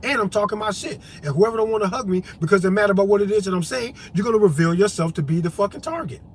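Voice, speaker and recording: A man's voice: high-pitched, quick pace, slightly rough. A man vlogging an impassioned monologue to camera, profane, emphatic and preachy, hammering points with repetition. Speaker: vlogger and activist.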